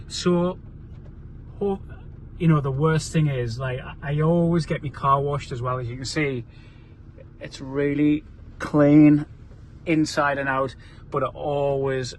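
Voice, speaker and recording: A man chats to camera as he travels, upbeat and loose with his fillers. His voice sits at a middling pitch. Faint background noise runs under the camera mic. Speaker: entrepreneur vlogging his business trip. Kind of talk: casual vlog talk to camera. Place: in his car and outdoors on a windy coast. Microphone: camera mic without his clip-on microphone.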